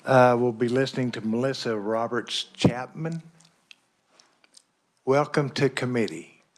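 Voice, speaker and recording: A man at mid pitch chairs a legislative committee hearing. He moves the agenda along in a brisk, procedural way.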